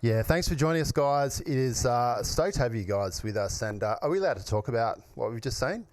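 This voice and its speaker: An excitable Australian podcast host greets his guests in a matey, casual style. His voice sits at a middling pitch. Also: a little fast, no room sound. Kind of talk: casual interview chat.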